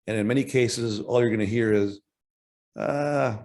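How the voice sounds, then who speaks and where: A man giving a technical presentation at an industry workshop, talking in a halting way with frequent restarts and self-corrections. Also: on the low side, little pitch movement, a little mellow.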